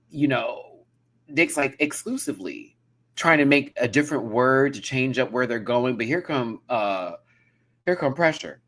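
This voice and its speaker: A man hosting a live review of a show in casual, animated, giggly chat. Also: medium pitch.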